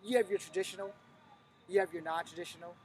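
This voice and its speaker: A man's voice: sits high, steady tone, quick pace, a little hiss or hum. A middle-aged man, a martial arts instructor, giving a blunt, profane, emphatic teaching talk on a live stream.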